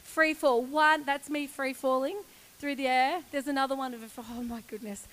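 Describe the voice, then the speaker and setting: High-voiced woman telling a lively story. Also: moderate pace, slight background noise, poor audio. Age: 40s. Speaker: church speaker. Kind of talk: personal story in a sermon.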